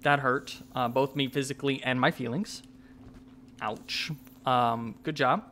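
A young man giving casual let's-play commentary, swearing and talking back to the monster, with sudden yells. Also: mid-range voice, steady tone, unhurried, slight background noise. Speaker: gameplay commentator.

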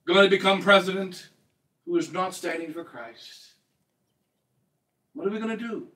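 High, bright-voiced preaching bishop, distant mic. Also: male voice. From United States. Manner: repetitive, emphatic preaching with quoted scripture. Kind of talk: sermon.

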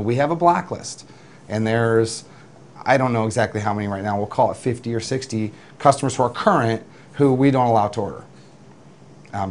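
A man who runs a delivery business, telling lively work anecdotes in an interview, with restarts and acted-out quotes. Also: mid-range voice, slight background noise. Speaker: food delivery business owner. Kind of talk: interview storytelling.

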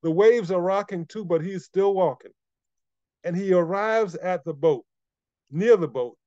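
A man's voice: high voice, unhurried, mellow, no room sound, muffled recording. A man preaching a sermon, emphatic and repeating key phrases for weight.

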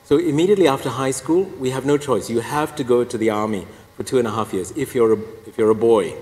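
A man's voice: mid-range voice, quick pace, darkish tone. A man in his fifties from Singapore, a Catholic priest telling his story in a humorous, self-deprecating way, laughing at his own jokes. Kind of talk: humorous personal testimony talk. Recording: echoey hall, faint background noise.

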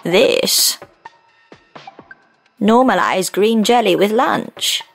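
A man voicing an old woman in a future rest home who speaks internet slang in a creaky, quavering voice. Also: high-pitched, drawn-out words, a bit bright, faint music behind, voice pushed up, heavily acted. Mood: fussy.

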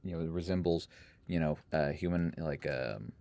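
A man giving dry, deadpan commentary while playing a video game. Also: very deep voice, moderate pace, gravelly. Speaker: gaming YouTuber. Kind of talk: let's play commentary. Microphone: studio condenser mic.

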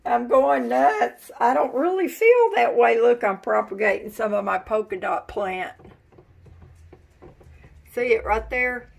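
A woman's voice: on the high side, lively intonation, measured pace, gravelly, pauses often, husky. A woman, chatting casually in a giggly, folksy way while filming a home vlog indoors. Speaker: vlogger.

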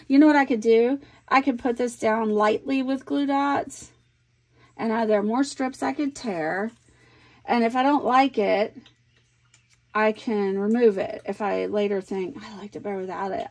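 A woman's voice: fairly high pitch, unhurried, a little mellow. A middle-aged woman, chatting casually and thinking aloud as she works on a scrapbook layout. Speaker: scrapbooking crafter. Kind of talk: casual crafting vlog talk.

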